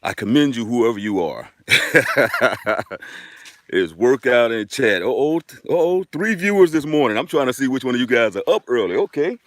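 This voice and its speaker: A man's voice: mid-range voice, big pitch swings, a little fast, hardly any pauses, no room sound. A man hosting a casual live stream outdoors, chatting upbeat and directly to his viewers while walking a dirt road.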